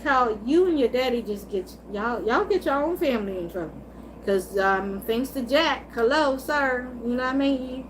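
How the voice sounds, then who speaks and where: A high-pitched woman hosts a casual livestream, answering her chat as she gossips about soap operas. She is animated, swears freely and laughs often. A faint hiss sits behind her voice. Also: normal speed, poor audio. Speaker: livestream host.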